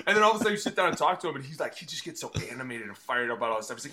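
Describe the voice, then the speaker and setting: A man, a former pro offensive lineman, chatting casually on a podcast, telling animated stories and acting out what people said. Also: mid-range voice, very fast, a crowd in the background. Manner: animated storyteller, swears, acts out quotes loudly.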